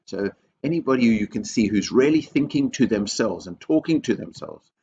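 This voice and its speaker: A man's voice: fairly low pitch, expressive, fairly quick, creaky, warm tone. A man, a headteacher giving an assembly talk to young children, emphatic and teacherly, repeating key words and asking lots of questions. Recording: dull lo-fi video recording with faint background noise.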